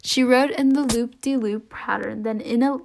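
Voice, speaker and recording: A woman reading a children's chapter book aloud in a lively, expressive way, slowing down for emphasis. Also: a little high, vocal fry, a little hiss or hum. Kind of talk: children's storybook read-aloud.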